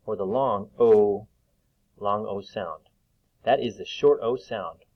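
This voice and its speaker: A man teaches a recorded phonics lesson to young children, drawing out each vowel sound slowly and patiently. His voice sits fairly low. The recording is dull and lo-fi.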